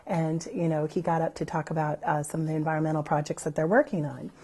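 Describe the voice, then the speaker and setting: A woman's voice: deep voice, fast. A woman, a church member, telling her own story unscripted, rambling along with lots of "you know" fillers. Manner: lively when recalling others' words.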